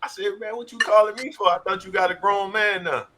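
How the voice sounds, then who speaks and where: A man hosting a casual podcast, telling stories in a lively way and laughing often. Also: high voice, a little fast, crowd noise.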